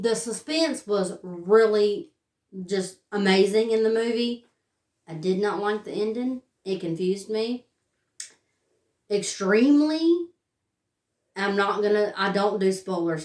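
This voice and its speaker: A woman's voice: medium pitch, a little mellow. A young woman, casually reviewing a movie in a chatty, filler-heavy way. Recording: roomy sound, distant from the mic.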